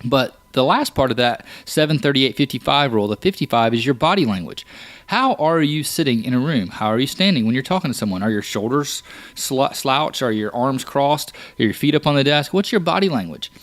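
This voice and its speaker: Speaking briskly and expressively in a mid-range voice, this man hosts a casual solo podcast recorded without echo. He uses everyday examples to explain ideas, frequently starting his sentences over.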